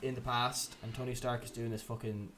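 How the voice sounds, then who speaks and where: A man's voice: medium pitch, level tone, brisk, a bit bright. A man casually hosting a podcast, talking in a sweary, sarcastic way and mocking characters with put-on voices. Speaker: podcast host.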